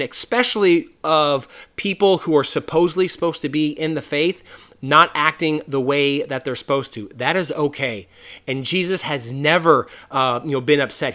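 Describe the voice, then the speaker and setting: A man's voice: fairly high pitch, a bit bright. Earnest man hosting a faith podcast. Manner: earnest, conversational, many fillers and restarts. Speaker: podcast host.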